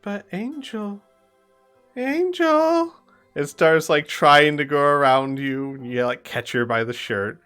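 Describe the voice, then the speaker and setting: Lively male game master. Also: a little high, slow, smooth, soft background music. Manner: lively, animated narration. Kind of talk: narrating a tabletop game.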